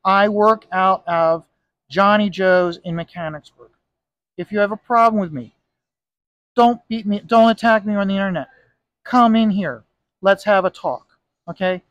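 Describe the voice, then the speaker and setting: Emphatic ranting man with a bright, higher voice. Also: normal speed, pauses often, no room sound, dull audio. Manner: ranting, emphatic, repeats "okay?". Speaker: comic book inker and video host. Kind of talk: casual monologue vlog. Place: bar.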